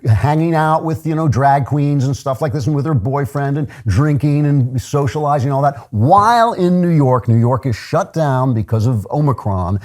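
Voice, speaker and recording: A man's voice: medium pitch, lively intonation, normal speed, few pauses, a little mellow. An older man hosting a political commentary show, delivering a sardonic, opinionated monologue with chuckling asides.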